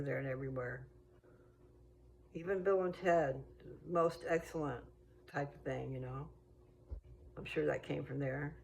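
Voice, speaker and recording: A woman's voice: sits low, creaky, slight background noise, low-quality recording. An American woman chatting casually in a meandering, think-aloud way while out walking. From United States. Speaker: vlogger. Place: outdoors on a walk.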